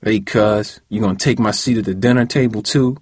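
A man's voice: on the low side, steady tone, brisk, a little mellow, husky, dry recording, clean studio sound. A man voicing a resentful teenage cousin who mumbles bitter jabs. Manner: mumbling, scowling.

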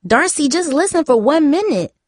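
A woman's voice: high voice, very animated, moderate pace, no echo, clean studio sound, voice pushed up. A woman voicing a prying teenage girl who presses insistently. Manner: insistent, needling.

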